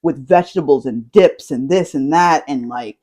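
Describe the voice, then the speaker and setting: A woman hosting a casual chat, telling stories in an animated way with lots of fillers. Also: a bass voice, normal speed, husky. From United States. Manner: animated storytelling with frequent fillers. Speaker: host.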